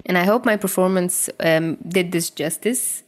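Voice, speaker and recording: A woman with a fairly low voice reads a fan fiction story aloud in a podfic. She giggles and laughs as she reads. Afterward she slips into relaxed, chatty talk about the story. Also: moderate pace. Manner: giggly, laughing while reading. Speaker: podfic reader.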